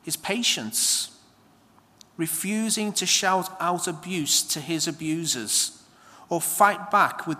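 Male preacher, slightly higher voice, unhurried reflective homily, church echo. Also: sharp tone. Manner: slow, measured homily with reflective pauses. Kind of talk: sermon. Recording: long church reverb.

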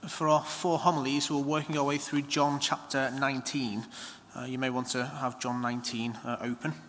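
A man giving a slow, measured homily with reflective pauses in a church. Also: mid-range voice, flat delivery, fairly bright tone, slight background noise. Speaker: preacher. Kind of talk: sermon. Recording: long church reverb.

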